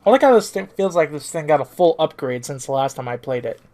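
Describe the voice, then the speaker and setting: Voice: mid-range voice, expressive, fast talker, warm tone. A streamer giving casual let's-play commentary, blunt and chatty.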